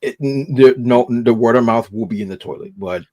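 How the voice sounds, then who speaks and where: A man on a casual panel chat, giving opinions and dropping his voice low at the ends of remarks. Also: brisk, a little mellow, dry recording.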